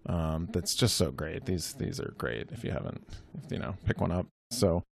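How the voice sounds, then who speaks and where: A man co-hosting a podcast in relaxed, easygoing chat, often agreeing and laughing. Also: low voice, moderate pace, creaky, husky. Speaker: podcast co-host. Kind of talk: casual chat.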